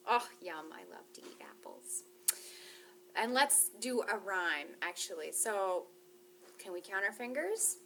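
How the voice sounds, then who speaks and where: A woman's voice: medium pitch, fairly bright tone, slight background noise. A woman leading a toddler storytime, reading and doing counting rhymes in a sing-song, playful way with whispers and gasps. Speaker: children's librarian.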